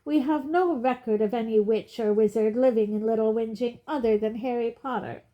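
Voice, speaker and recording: A woman's voice: a little high, dull audio, lightly acted. A woman reading aloud, voicing a stern, impatient witch who speaks sharply. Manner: sharp, brisk.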